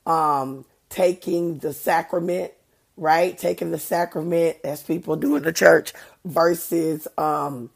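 A woman's voice: low voice, steady tone, slow, gravelly, breathy edge. A middle-aged woman hosting a faith podcast, talking earnestly and conversationally with preacher-like emphasis, a bit congested from allergies. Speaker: podcast host. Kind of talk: faith-based podcast monologue.

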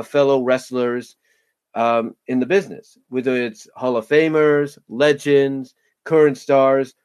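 A man's voice: mid-range voice, clear, resonant tone. A man giving casual solo commentary on a podcast, rambling with many fillers and repeating himself. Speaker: wrestling commentator.

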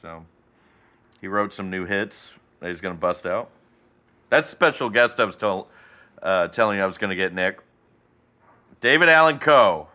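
A man's voice: low-pitched, moderate pace, long pauses, sharp tone. Sarcastic, joking male podcast co-host. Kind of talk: casual chat.

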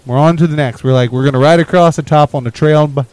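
A young adult man telling a story in casual podcast chat, rambling and laughing as he talks, with his phrase ends often trailing off quietly. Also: fairly high pitch, quick pace, clean tone, no room sound, rough recording. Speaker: podcast co-host.

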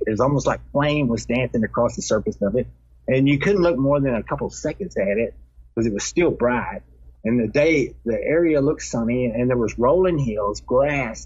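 A man's voice: medium pitch, breathy edge, no echo. A man telling a personal experience in a rambling way, with many restarts and repeated words. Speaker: storyteller recounting a personal experience. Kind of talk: rambling first-person storytelling. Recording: dull, dry, lo-fi recording.

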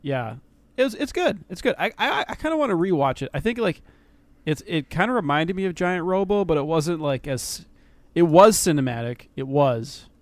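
A man's voice: on the high side, lively intonation, moderate pace, no echo. A man co-hosting a casual podcast chat, joking and trailing off while he searches for words. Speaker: podcast co-host.

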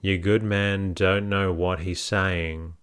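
A man's voice: deep voice, flat delivery, takes it slowly, fairly bright tone, clean tone. A man voicing a buxom, motherly market woman selling stay-laces, scolding in rustic speech.

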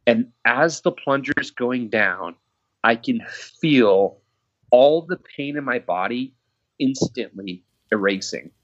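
A man casually telling a personal story, halting and restarting often, swearing now and then. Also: mid-range voice, expressive, muffled recording. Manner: halting, frequent restarts and fillers.

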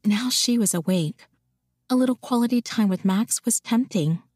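A woman reading a romance novel aloud in an even, intimate storytelling voice. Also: fairly high pitch, normal speed, slightly rough, no echo, clean studio sound. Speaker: audiobook narrator. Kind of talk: scripted narration of a romance novel.

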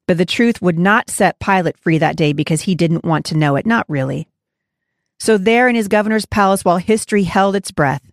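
A woman hosting a Bible study talk. She speaks earnestly and rises in pitch when she preaches. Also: dry recording, clean studio sound. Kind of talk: devotional teaching talk.

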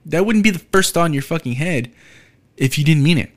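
A man's voice: a little high, animated, fairly quick. A young man from Texas hosting a podcast, delivering a blunt, profane solo rant. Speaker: podcast host.

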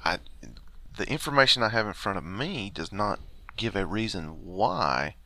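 A man's voice: lowish voice, expressive, moderate pace, sharp tone. A man co-hosting a podcast in casual chat, incredulous and profane, swearing a lot as he reacts. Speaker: podcast co-host; teacher.

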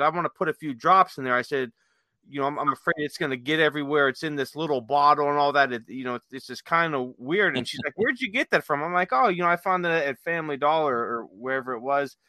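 Guy rambling thru a prank story, bright voice, kinda high, dry sound. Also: quick pace, no echo. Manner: rambling storyteller, many fillers and restarts. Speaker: guest telling prank stories. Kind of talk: casual chat. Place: workplace with dispatchers.

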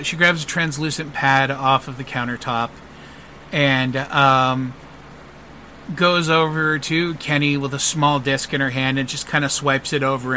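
A man narrating a tabletop role-playing game as game master, halting and full of fillers. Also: medium pitch, bright, forceful tone, a little hiss or hum. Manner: halting, with many fillers and restarts.

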